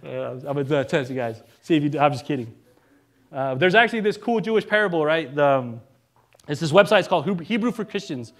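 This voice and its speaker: A male minister giving a relaxed, conversational sermon, joking now and then and often checking in with the congregation. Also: on the high side, fast. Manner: casual and joking, keeps asking the congregation "right?".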